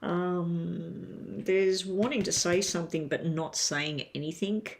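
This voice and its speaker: Chatty tarot reader with a gravelly voice. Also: mid-range voice, steady tone, slow pace, a little hiss or hum. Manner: chatty, talks straight to viewers with many ums. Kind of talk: casual live-stream tarot reading. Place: at home.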